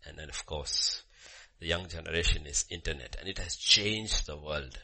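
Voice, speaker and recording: Male pastor, fervent sermon delivery; bright, husky tone. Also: very deep voice, moderate pace. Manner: fervent, emphatic, repeats phrases, swings between loud and hushed. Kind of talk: sermon with opening prayer.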